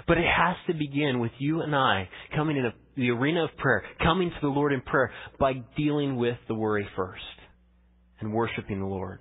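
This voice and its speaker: Male pastor, higher-pitched husky voice, conversational sermon, thin phone-like recording. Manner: conversational preaching, swings between emphatic and hushed. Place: church sanctuary. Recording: tinny phone-like church audio.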